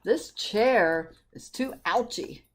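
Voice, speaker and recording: A woman's voice: mid-range voice, expressive. Woman reading as a fussy grumbling bear. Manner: slow, deliberate complaining. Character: grumpy fussy male bear, hard to please. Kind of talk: picture book read-aloud.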